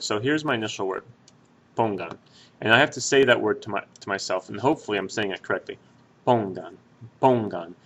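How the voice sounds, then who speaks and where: Patient male Spanish teacher, bright voice. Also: mid-range voice. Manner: patient, step-by-step, with many fillers and restarts. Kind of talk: explaining grammar at a whiteboard.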